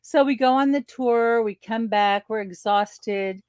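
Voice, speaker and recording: Animated storytelling woman, dry close sound. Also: fairly high pitch, measured pace, clear, resonant tone, dry recording. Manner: animated, laughs often, acts out quoted exchanges. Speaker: spiritual teacher. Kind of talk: storytelling monologue.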